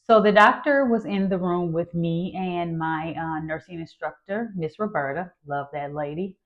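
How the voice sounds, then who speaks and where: A woman in her fifties, a nurse, telling a personal story in a lively way and acting out her own past voice. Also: lowish voice, moderate pace, creaky, phone-quality sound.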